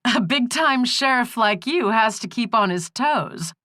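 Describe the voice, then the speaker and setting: A woman's voice: on the high side, very animated, normal speed, fairly bright tone, breathy edge, no room sound, studio quality, pitched above the performer's own voice, heavily acted. A woman voicing a playful young female prankster who teases in a mock-genteel way. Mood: teasing.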